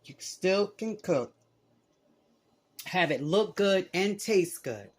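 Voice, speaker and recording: A woman hosting a casual cooking vlog in her home kitchen, chatting to viewers as she cooks and tastes, sometimes dropping to soft murmurs over the food. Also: lowish voice, animated, takes it slowly, slightly rough. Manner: chatty, talks to viewers while cooking and tasting. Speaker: home cook and channel host.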